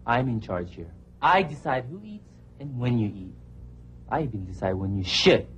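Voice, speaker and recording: A man's voice: mid-range voice, sing-song, normal speed, fairly bright tone, slight background noise. An actor playing a bossy, domineering male student who puts himself in charge. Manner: cold, bossy. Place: low-budget film scene.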